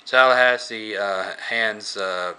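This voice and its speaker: A man casually recapping a movie scene by scene, rambling and halting with many filler words. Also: on the low side, sharp tone, smooth. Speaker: movie reviewer.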